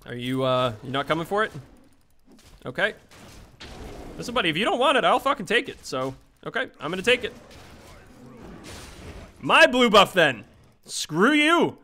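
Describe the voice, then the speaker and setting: Bright, excitable gaming commentator man. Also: high-pitched, normal speed, pauses often, slight background noise. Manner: chatty, excitable, swears at teammates. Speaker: gaming streamer. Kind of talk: live gameplay commentary.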